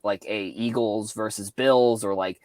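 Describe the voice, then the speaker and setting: A man's voice: on the low side, steady tone, unhurried, darkish tone, dry recording. A man from Cape Cod with a light Boston accent, chatting casually about sports and collecting as a podcast co-host, rambling with many restarts. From Cape Cod, Massachusetts. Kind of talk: casual sports and hobby chat.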